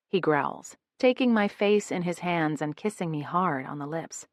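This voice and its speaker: A woman's voice: sits low, measured pace, hardly any pauses, no echo, studio quality. A woman reading a first-person romance audiobook in an intimate voice. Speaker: audiobook narrator.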